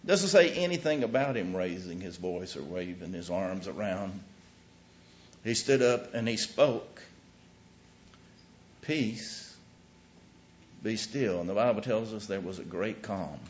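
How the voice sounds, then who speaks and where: A man preaching a sermon, telling the story with sudden swings between loud and hushed. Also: deep voice, animated, normal speed. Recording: dull lo-fi recording.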